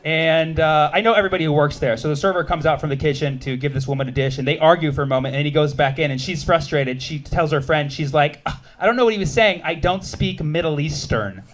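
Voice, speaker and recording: Animated stand-up comedian, high voice. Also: male voice. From United States. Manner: animated, punchy delivery with shouted bits and quick asides to the crowd. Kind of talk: stand-up set with crowd work.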